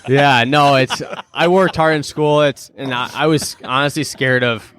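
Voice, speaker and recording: Here the Minnesota-born pro hockey player, a man in his thirties with a Minnesotan accent, talks a little slowly at medium pitch in a clean tone. As a guest in a casual chat, he's an animated storyteller who acts out the quotes of the people in his stories.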